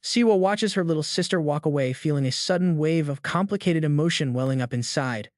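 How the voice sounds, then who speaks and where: A man's voice: fairly high pitch, fairly quick, no room sound, studio quality. A man narrating a story recap in a hyped, slangy storytelling manner.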